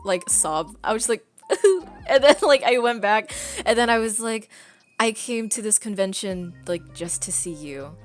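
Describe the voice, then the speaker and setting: A woman streamer chatting casually, telling a long story in an excitable, rambling way full of fillers. Her voice sits in an ordinary middle pitch. Faint music plays underneath. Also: a little slow. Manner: rambling, filler-heavy, excitable with frequent laughs.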